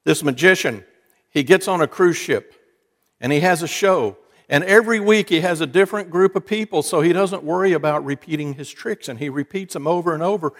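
In a church sanctuary, a preacher works folksy jokes and wry asides into his sermon for the congregation. His slightly high voice is brisk and fairly bright, ringing out with a long hall reverb.

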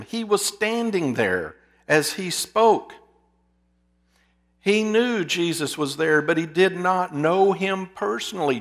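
A man preaching a sermon, asking his listeners rhetorical questions and dropping to a hush for emphasis. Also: fairly high pitch. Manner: drops to a hushed voice for emphasis.

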